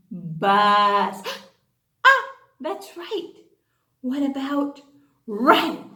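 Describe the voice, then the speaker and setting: High sing-songy woman teacher doing phonics for little kids, super slow and drawn out, echoey room. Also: expressive, pushed and bright. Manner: exaggerated, sing-song and cheerful for young children, gasping before each answer. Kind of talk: children's class lesson.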